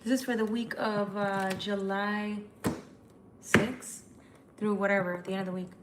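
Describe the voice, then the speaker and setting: Chatty female tarot reader, live stream, rushing, faint background noise. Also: mid-range voice, little pitch movement. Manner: chatty, fast, repetitive restarts. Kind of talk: live tarot forecast reading.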